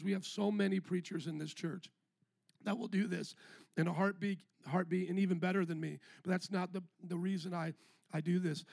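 A male pastor preaching a lively sermon with call-and-response to the congregation, his voice starting to go hoarse. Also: high-pitched, no room sound. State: voice going hoarse.

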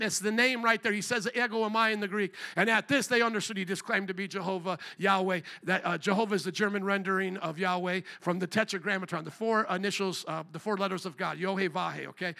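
During a church service, a pastor with a high, bright voice and some vocal fry preaches a sermon using call-and-response prompts to the congregation. When reading scripture aloud, he slows down and raises his pitch for the quoted lines.

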